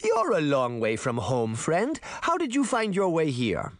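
A man voicing a kindly, unflappable old grandmother who speaks gently and soothingly. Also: fairly high pitch, wildly swooping pitch, measured pace, no echo, exaggerated voice. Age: older.

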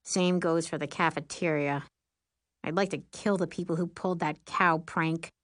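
A woman's voice: low-pitched, steady tone, moderate pace, fairly bright tone, no echo, clean studio sound. A woman voicing a worried teenage boy who is class president, speaking glumly. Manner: worried, sighing, glum.

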